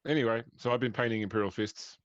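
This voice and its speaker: A man's voice: lowish voice, fairly even intonation, dry recording. Australian man, dull dry mic. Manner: rambling, halting restarts. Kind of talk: casual chat.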